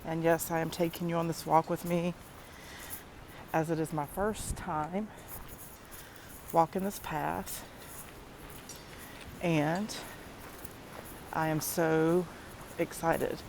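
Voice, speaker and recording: A woman with a lowish voice speaks very slowly and effusively, filming herself on a nature walk. She is recorded outdoors on a handheld phone, with faint ambient noise behind her. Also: flat delivery. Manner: slow, soft-spoken and effusive. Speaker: vlogger. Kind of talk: casual walking vlog.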